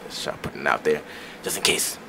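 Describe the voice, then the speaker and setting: Deep-voiced young man, rambling radio chat. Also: fast, gravelly, crowd noise, rough recording. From Nigeria. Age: young adult. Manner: loose, rambling, laughs loudly. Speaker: guest performer.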